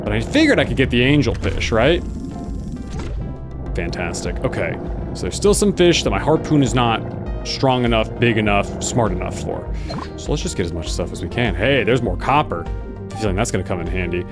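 A man casually commenting on his gameplay, excitable and sarcastic, jumping between low mutters and loud yelps. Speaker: gaming video host. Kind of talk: casual let's-play commentary.

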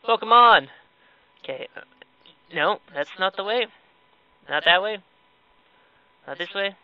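A man's voice: high-pitched, unhurried, smooth, no echo, highs cut off. A man giving casual, sarcastic let's-play commentary, exclaiming and joking at the game as he plays. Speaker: gaming video creator.

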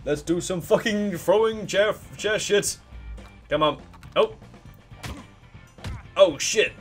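A man giving profane, excitable and sarcastic commentary while playing a video game. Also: high-pitched, slow, soft background music. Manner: profane, excitable and sarcastic, with mocking put-on voices. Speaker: let's play gamer. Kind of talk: casual gameplay commentary.

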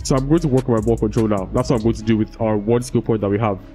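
A man's voice: lowish voice, fairly even intonation, rapid-fire, mellow, faint music behind, poor audio. Young man swearing through gameplay commentary. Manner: swears freely, frustrated rants at the game. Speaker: gaming YouTuber.

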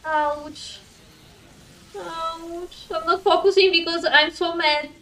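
A woman streamer chatting casually with her viewers while she plays, excitable, laughing often and swearing when frustrated. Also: very high-pitched, slow pace, distant mic. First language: Italian. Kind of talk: casual live-stream chat while gaming.

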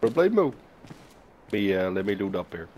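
A man's voice: lowish voice, big pitch swings, normal speed, darkish tone, a little hiss or hum. A man from the Netherlands speaking English with a Dutch accent over push-to-talk game voice chat, friendly and hesitant. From Netherlands, South Holland. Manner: hesitant, friendly, laughs often. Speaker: fellow player in voice chat. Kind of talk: casual chat.

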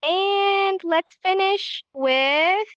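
A woman's voice: very high voice, very slow, dry recording. A woman teaching a live online sign language class in an upbeat, encouraging way, recorded as dull lo-fi stream audio.

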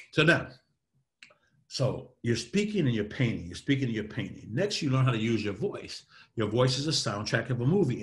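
Dynamic preacher-like man speaker. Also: mid-range voice. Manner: dynamic, preacher-like delivery with sweeping shifts in loudness. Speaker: motivational speaker and entrepreneur. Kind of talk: motivational talk in a sit-down interview.

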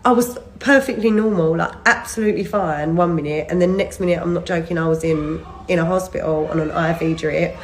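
Her voice fairly low, she speaks briskly with few pauses, in a rough recording with slight background noise. She's a vlogger in her thirties chatting to camera on her phone, rambling, laughing mid-sentence and worn out after being sick.

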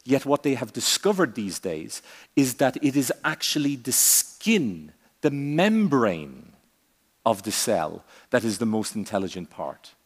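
A man giving a conference keynote speech on a stage, with a theatrical, varied delivery, long pauses and punchy asides. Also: medium pitch, very animated, big-room sound. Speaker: keynote speaker.

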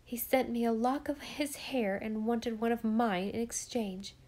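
Woman reading a proper little girl, earnest and a bit prim, fairly high voice. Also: a little slow, darkish tone. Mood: indignant. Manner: earnest, sometimes indignant. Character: sensible, prim young girl.

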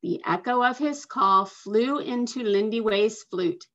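Slow, expressive woman reading a storybook. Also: a little high. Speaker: guest reader. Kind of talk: reading a picture book to children. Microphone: video call. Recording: dull lo-fi video call audio.

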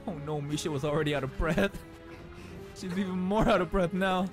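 A man hosting an anime reaction video, excitably thinking out loud and laughing often. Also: sits high, normal speed, soft background music. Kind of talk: live reaction commentary.

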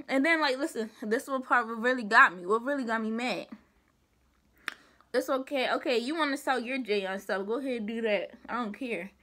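A young woman vlogger chatting casually, emphatic and animated with rhetorical asides. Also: a little high. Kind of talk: casual commentary chat.

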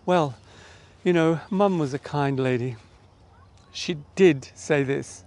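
Animated Australian man telling a kids' story. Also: on the high side, takes it slowly, pauses often. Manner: lively, animated storytelling, warm direct address. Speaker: storyteller for children in church. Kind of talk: children's story in an online church service.

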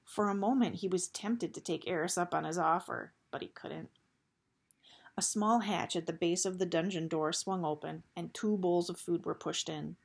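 A woman reading a novel aloud in a steady storytelling manner. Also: fairly low pitch, moderate pace, vocal fry, breathy edge. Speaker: audiobook reader.

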